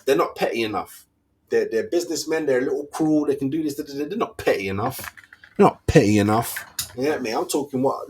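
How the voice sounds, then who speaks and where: A man's voice: medium pitch, a little hiss or hum. A man, hosting a fan channel and ranting casually in slang, full of rhetorical questions.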